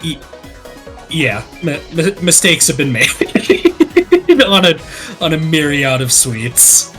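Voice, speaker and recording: A man chatting casually during a game session, telling lively stories and acting out other people's lines. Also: on the high side, slow pace, soft background music. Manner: animated storyteller who acts out quoted voices. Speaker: co-host of a gaming let's play. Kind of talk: casual chat.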